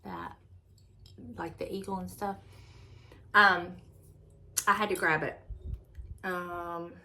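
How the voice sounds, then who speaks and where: A middle-aged woman with a Southern American accent, chatting casually to camera in an excitable, drawn-out way. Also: fairly low pitch. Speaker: lifestyle vlogger.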